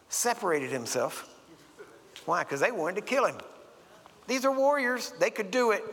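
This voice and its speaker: A man's voice: on the high side, fairly bright tone. A man preaching a sermon in a church, telling folksy stories and acting out the voices of the people in them. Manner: folksy storytelling, acts out voices. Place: church sanctuary. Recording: long hall reverb.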